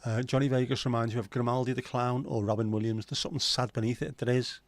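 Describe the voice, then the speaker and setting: A man with a mid-range voice hosts a casual livestream, reading viewer comments and bantering loosely with lots of swearing. His tone is level and his pace quick, and the recording is dry.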